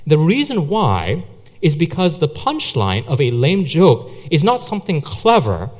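A man's voice: fairly high pitch, sing-song, normal speed. A man preaching a sermon, telling stories in a conversational way with many fillers. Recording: long hall reverb.

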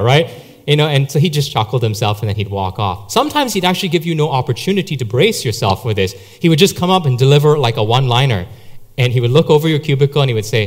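A man's voice: mid-range voice, very animated, fast talker. A man preaching a sermon, telling stories in a conversational way with many fillers. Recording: long hall reverb.

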